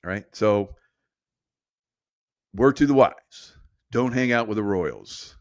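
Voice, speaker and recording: A man's voice: on the low side, takes it slowly, long pauses, dry recording, studio quality. A middle-aged man telling a casual, rambling story with a conspiratorial edge and frequent laughs. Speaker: podcast host.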